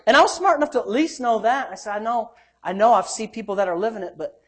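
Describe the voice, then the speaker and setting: Telling his own story in a sermon, a man preaches fast, swinging from loud, emphatic preaching to low, muttered asides. He acts out the voices he quotes.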